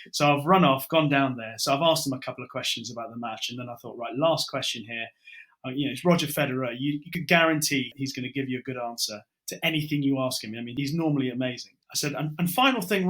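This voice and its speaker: A middle-aged British broadcaster telling anecdotes in a casual podcast chat, acting out what he and others said. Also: medium pitch. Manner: lively storyteller, acts out his own quotes. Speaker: broadcaster guest.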